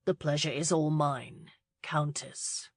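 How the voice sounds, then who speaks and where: A woman voicing a roguish male duke who speaks smoothly and teasingly. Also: low voice, fairly even intonation, slow pace, dry recording, heavily acted. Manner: smooth, insolent.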